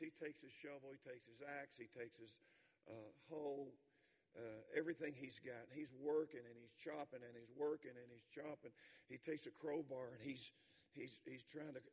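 A man's voice: on the high side, breathy edge, big-room sound. A man preaching a sermon, telling a folksy story in a church. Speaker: pastor.

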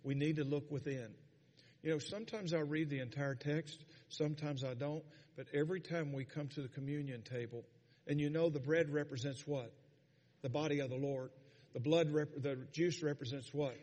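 A man's voice: a little high, steady tone, normal speed. A man preaching a sermon as pastor, calling on the congregation to answer back. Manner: rising to fervent shouting, calls for congregation responses. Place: church sanctuary. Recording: long church hall reverb.

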